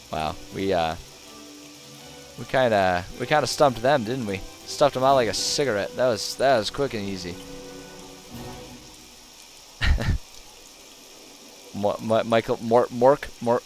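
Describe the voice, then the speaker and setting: A male streamer at home, giving sarcastic, animated commentary on a game and laughing often. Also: mid-range voice, slow pace, pauses often, faint music behind. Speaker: gaming streamer. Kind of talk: casual let's-play commentary.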